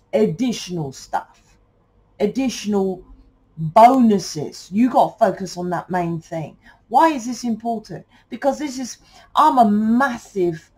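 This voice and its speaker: British woman, tarot reader, rambling casual talk, swears freely, mid-pitched voice. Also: mellow, breathy edge, rough recording. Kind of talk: casual spoken tarot reading.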